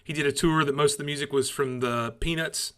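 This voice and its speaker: A man's voice: a little high, fairly even intonation, brisk, clean tone. A middle-aged man with a Southern accent, co-hosting a casual chat and telling stories with a teasing, joking manner. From Southern United States. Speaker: co-host.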